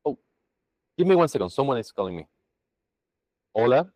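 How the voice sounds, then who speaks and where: A man's voice: medium pitch, moderate pace, no room sound, poor audio. A man teaching a Buddhist practice to a group over a video call, chatty and full of restarts. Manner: lively, chatty, with many restarts.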